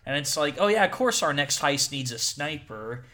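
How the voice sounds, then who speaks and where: A man hosting a casual movie review podcast, animated and often repeating words as he starts a thought. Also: on the high side, normal speed, a loud crowd. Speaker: podcast host.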